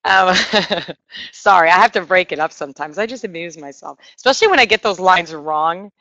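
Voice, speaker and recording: Bright-voiced woman preaching conversationally. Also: fairly low pitch, animated, a little fast, dry recording, muffled recording. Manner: earnest, conversational, self-deprecating asides. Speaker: speaker teaching a church group. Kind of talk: sermon.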